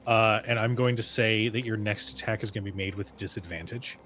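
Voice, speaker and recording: A man narrating as game master of a tabletop game, in a relaxed, measured way with fillers. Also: lowish voice, slight background noise.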